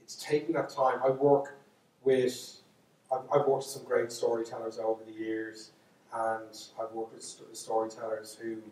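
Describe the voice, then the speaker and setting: A man's voice: lowish voice, completely flat delivery, a little slow, dark tone. A man with a Dublin Irish accent, telling stories to a live audience in a lecture hall, chatty and self-mocking, with lots of asides. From Ireland. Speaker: storyteller. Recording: echoey hall, voice from far off.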